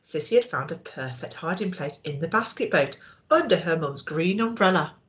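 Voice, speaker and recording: A woman teacher reading a storybook aloud to young children, expressive and asking them questions. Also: sits low, moderate pace.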